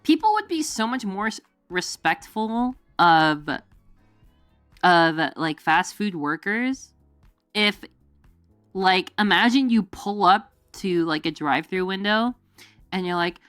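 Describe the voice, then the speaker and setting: A woman's voice: mid-range voice, a bit bright, no echo, clean studio sound. A woman streamer in casual chat, rambling with many fillers and frequent laughs.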